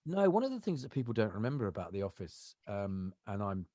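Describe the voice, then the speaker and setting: Fairly low-pitched and very animated, this man talks at a fairly quick clip over some background noise. As a podcast guest, the actor and voiceover artist rambles through anecdotes packed with fillers during a casual interview conversation.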